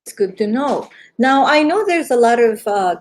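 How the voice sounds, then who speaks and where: A woman's voice: a little high, lively intonation, moderate pace. A woman hosting a radio show in a hesitant way, with many fillers. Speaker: radio anchor.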